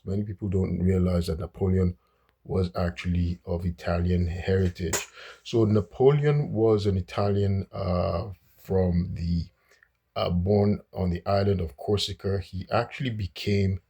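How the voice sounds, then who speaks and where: Low husky man talking history. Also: warm tone. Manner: unscripted, many fillers and restarts. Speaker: history talk host. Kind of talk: casual history talk.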